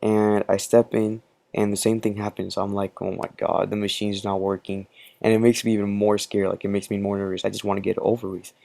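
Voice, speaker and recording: A man's voice: lowish voice, completely flat delivery, quick pace, vocal fry, warm tone, no echo. A man telling a personal story in casual commentary, rambling with many fillers. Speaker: channel host.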